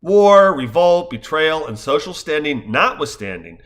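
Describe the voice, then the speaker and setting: Bright-voiced man in his fifties. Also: on the high side, very animated, unhurried. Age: 50s. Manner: wry, wordplay-laden storytelling. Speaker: stage actor. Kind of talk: scripted narration.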